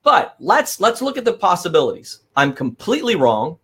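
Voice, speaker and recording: A man's voice: high-pitched, huge pitch swings, moderate pace, fairly bright tone, breathy edge. A middle-aged man hosting a motivational live stream, talking with energy, stressing points and often adding "right?".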